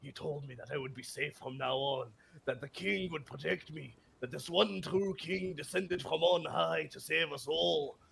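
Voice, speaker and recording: A man's voice: fairly high pitch, moderate pace, creaky, a bit bright, a little hiss or hum, pitched below the performer's own voice. A man voicing a sheltered, fanciful young noblewoman writing her diary, with a put-on Scottish accent and a prim, melodramatic reading manner. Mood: dreamy. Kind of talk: reading aloud in character.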